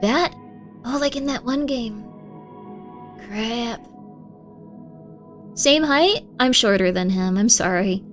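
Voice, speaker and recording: A young woman chats with her viewers on a live stream in a high, bright voice. She rambles casually and jumps into loud, excited shouts now and then. Faint music plays underneath. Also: takes it slowly, long pauses.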